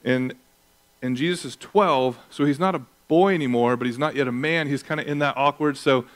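A man in his thirties preaching a sermon as pastor, telling stories with lively acted-out voices. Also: mid-range voice, moderate pace. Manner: animated storytelling, acting out voices.

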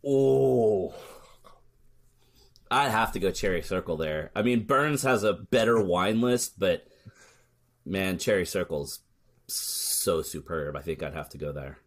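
Deep-voiced with lively intonation and a fairly bright tone, an American search marketer speaks at a measured pace on a relaxed podcast. He's candid and storytelling, swearing and cracking sarcastic asides.

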